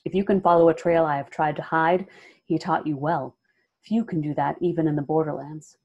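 Woman doing a stern warrior guy, low and calm, pretty reserved. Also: a little fast, breathy edge, muffled recording. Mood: grave. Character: stern, watchful male warrior bodyguard, grave and reserved.

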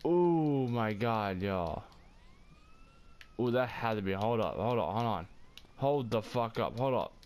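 A young man giving casual gameplay commentary, loud, excitable and cursing heavily, quick to get angry. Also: on the low side. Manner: loud, excitable, heavy cursing, hot-tempered. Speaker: gaming streamer.

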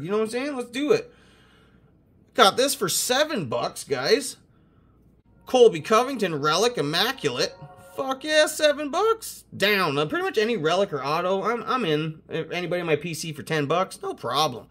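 A young man hosting a casual card-opening video, excitable and swearing constantly as he hypes each card. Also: sits high, normal speed. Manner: profane, excitable, hyped. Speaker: host opening sports cards.

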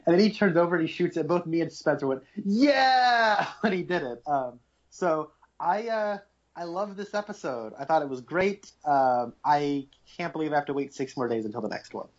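A man co-hosting a podcast has a fairly high, darkish voice and talks a little fast. Enthusiastic about a TV episode, he rambles with many fillers in a casual chat, and the recording sounds muffled and lo-fi.

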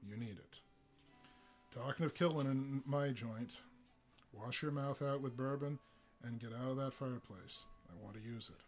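A man voicing a gruff middle-aged male bar owner who talks bluntly. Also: medium pitch, moderate pace, soft background music, natural voice. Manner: growling, blunt.

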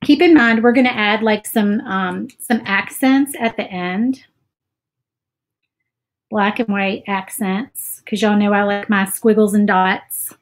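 On a craft livestream, a woman with a mid-range voice chats casually at a slow pace while painting. She sounds unsure of herself and says "y'all" a lot.

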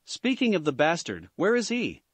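A man's voice: fairly high pitch, huge pitch swings, normal speed, husky, no room sound, heavily acted. A man reading a bold young male ninja hero who talks bluntly and insults his enemy. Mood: defiant.

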